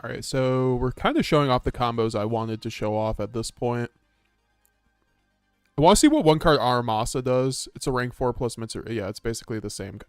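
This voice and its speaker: A man streaming a card game, rambling casually to his chat with stumbles, restarts and quick chuckles. His voice sits at an ordinary middle pitch and sounds close and dry, with faint music in the background. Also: clean tone, dry recording. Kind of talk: live-stream gameplay commentary.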